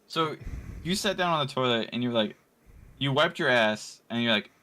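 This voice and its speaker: A man's voice: medium pitch, lively intonation, normal speed, bright, forceful tone. A man co-hosting a podcast who keeps interrupting to tease and mock-quote the storyteller in casual chat. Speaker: podcast co-host.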